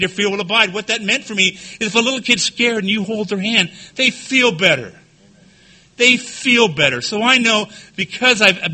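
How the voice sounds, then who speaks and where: A man giving a recovery-meeting talk, telling his own story candidly with dark humor. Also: sits high. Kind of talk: personal testimony speech.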